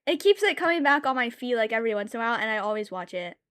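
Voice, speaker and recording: A young woman streaming while she draws, rambling and thinking aloud, with sudden loud, excited bursts. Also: a little high, rapid-fire, clear, resonant tone. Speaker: art streamer. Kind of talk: casual live-stream chat while drawing.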